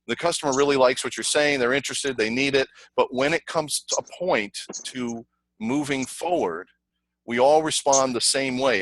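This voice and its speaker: A middle-aged man presenting a sales training over a video call, energetic and conversational, repeating himself and telling stories. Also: mid-range voice, dry recording, rough recording. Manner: energetic, repetitive, conversational teaching with anecdotes. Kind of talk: online webinar presentation.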